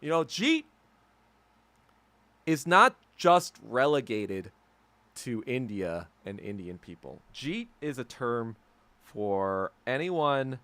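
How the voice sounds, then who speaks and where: A man's voice: mid-range voice, pushed and bright, dry recording. An American man hosting a podcast, rambling in a crude, profane and mocking way. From United States. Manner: mocking and abrasive. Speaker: podcast host. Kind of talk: casual solo podcast rant.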